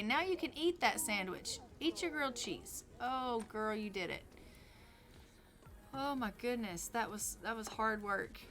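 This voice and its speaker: A woman's voice: on the high side, bright, forceful tone. A woman streaming a life-sim game, chatting casually with her viewers and her sims.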